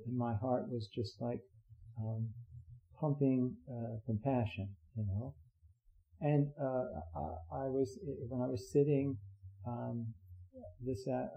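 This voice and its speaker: A man's voice: mid-range voice, highs cut off. A man giving a heartfelt, rambling Zen dharma talk, full of fillers and restarts. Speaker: Zen teacher.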